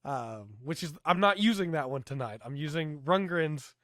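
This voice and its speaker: A man co-hosting a podcast about tabletop game rules, hoarse and losing his voice from a cold, chatty and explaining with lots of fillers. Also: a little high, lively intonation, moderate pace, a bit bright, no room sound, studio quality. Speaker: podcast co-host.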